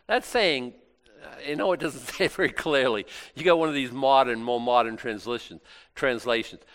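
A man's voice: medium pitch, normal speed, fairly bright tone. A middle-aged man preaching a casual, conversational sermon, acting out little asides and laughing now and then. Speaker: pastor.

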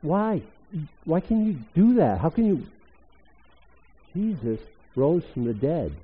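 Older pastor preaching in echoey hall. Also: male voice, a little high, slow, breathy edge. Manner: animated, emphatic preaching with sudden loud rises. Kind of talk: sermon. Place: church hall. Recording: echoey hall, tinny phone-like sound.

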